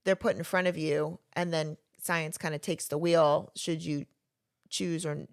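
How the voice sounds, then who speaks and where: A woman with a low, gravelly voice hosts a casual podcast. She speaks earnestly and addresses the viewers directly. The sound is dry and close. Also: fairly even intonation, a little slow, no room sound. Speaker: podcast host.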